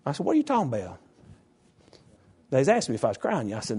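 A man's voice: huge pitch swings, fast, a little mellow, slightly rough. Folksy preacher man. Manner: folksy, emphatic, jumps into high pitch for emphasis. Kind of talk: sermon.

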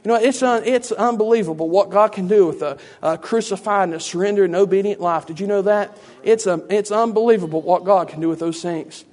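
Brief: high-voiced male preacher giving a conversational teaching sermon full of rhetorical asides. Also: brisk, hardly any pauses, a little mellow.

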